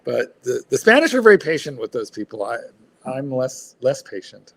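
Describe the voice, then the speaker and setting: A man's voice: medium pitch, sing-song, moderate pace, gravelly, noisy background. A man hosting a livestream in casual chat, rambling and blunt, swearing freely with lots of fillers. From United States. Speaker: livestream host.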